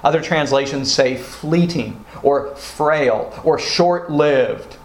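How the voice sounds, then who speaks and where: A male pastor preaches at an unhurried pace, his voice sitting a little higher than most men's. He acts out the quoted prayers with feeling, and the sound carries a roomy echo. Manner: expressive, acts out quoted prayers with rising emotion. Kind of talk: sermon.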